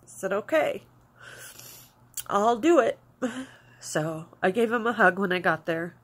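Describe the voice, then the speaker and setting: A woman's voice: mid-range voice, lively intonation, a little slow. A woman vlogger telling a personal story to camera in a confiding, rambling way, with many fillers, close to tears.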